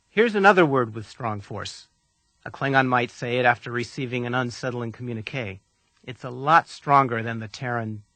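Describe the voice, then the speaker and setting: Male instructor, scripted lesson read, patient and deliberate, bright tone, dry booth sound. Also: mid-range voice, dry recording. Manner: calm, deliberate, patient coaching. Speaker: language instructor.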